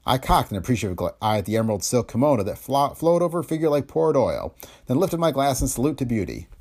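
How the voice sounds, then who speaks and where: A man's voice: mid-range voice, very animated, fast, a little mellow. A man narrating a first-person pulp detective story in a wry, slangy, hardboiled manner. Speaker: audiobook narrator.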